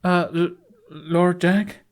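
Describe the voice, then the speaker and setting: A man reading an audiobook, voicing an eager, nervous young man who stammers with excitement. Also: high voice, a little fast, pitched above the performer's own voice, close to an everyday voice. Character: eager nervous young male dragon scholar.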